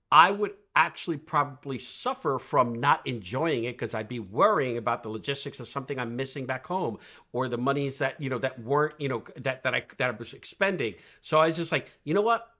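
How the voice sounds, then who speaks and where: A man talking as a guest coach on a podcast, energetic and emphatic, asking rhetorical questions and often tagging "right?" onto his points. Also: medium pitch. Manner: rhetorical questions, animated storytelling. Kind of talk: podcast conversation.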